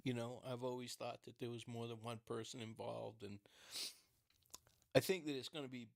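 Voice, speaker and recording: A man in casual solo commentary on a true-crime case, at a middling pitch for a man. He rambles, restarts his sentences and leans on filler words. He breaks into laughter often and swears bluntly. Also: fairly even intonation, moderate pace, gravelly.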